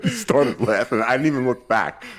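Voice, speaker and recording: A male comedian guest telling stories in a laid-back, deadpan way. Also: medium pitch, normal speed, slight background noise. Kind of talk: casual storytelling.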